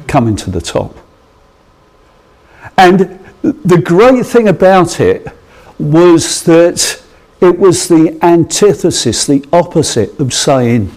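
A man's voice: mid-range voice, lively intonation, a little slow, darkish tone. A middle-aged English man delivers a homely sermon in a rambling, storytelling way. He trips over his words, restarts often and chuckles as he goes, then draws a plain lesson at the end. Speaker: preacher. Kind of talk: anecdotal sermon.

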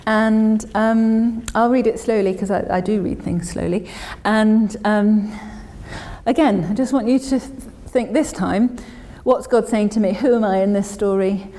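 A woman's voice: mid-range voice, a little slow, mellow. Chatty woman preaching in a reverberant hall. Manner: chatty, self-deprecating, many fillers and restarts. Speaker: church speaker. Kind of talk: informal sermon and scripture reading.

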